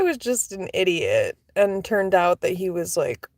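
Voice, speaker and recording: A woman spins casual storytime anecdotes in a chatty way, peppered with fillers, laughter and the odd curse. Her pitch swings widely while she takes her time, sometimes sinking to soft whispery asides. The sound is dry and close, with no room echo. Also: big pitch swings, unhurried, hardly any pauses.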